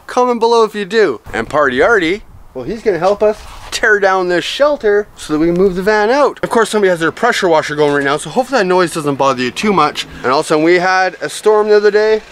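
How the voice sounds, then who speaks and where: A man chatting excitedly to the camera for his vlog, emotional and talkative, in an empty house. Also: high-pitched, quick pace, a little hiss or hum. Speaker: vlogger. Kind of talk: casual vlog talk to camera. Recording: echoey empty room, music behind.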